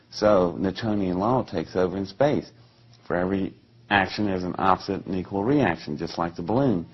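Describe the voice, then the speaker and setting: Interview guest, male, older, low husky voice, animated storyteller who does the voices of the people he quotes. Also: dull audio.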